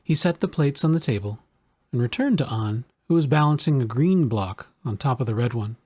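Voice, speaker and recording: Husky man reading a storybook. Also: mid-range voice, lively intonation, a little fast, darkish tone, no echo, clean studio sound. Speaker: narrator.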